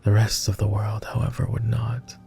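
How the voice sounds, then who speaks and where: A man voicing a jaded, tender immortal vampire in a whispered role-play, with a posh British accent and a slow, gentle, teasing manner. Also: flat delivery, faint music behind. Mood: wistful. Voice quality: low, gravelly and soft.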